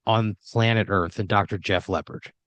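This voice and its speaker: A man's voice: fairly low pitch, steady tone, normal speed, a bit bright, dry recording, dull audio. A young man hosting a podcast, improvising a comedy story in a rambling, swearing, filler-heavy way.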